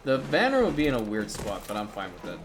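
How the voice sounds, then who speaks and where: A man giving casual, chatty commentary over a city-building game, turning gleeful and loud when something delights him. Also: on the low side, quick pace, music in the background. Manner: chatty, excitable, bursts into gleeful shouting. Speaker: gaming YouTuber.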